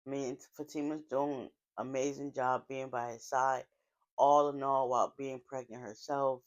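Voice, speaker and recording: A woman's voice: a bass voice, steady tone, measured pace, dull audio. Chatty woman recapping a TV episode. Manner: chatty, heartfelt, storytelling with many fillers. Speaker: TV show recapper. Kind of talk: casual spoken recap.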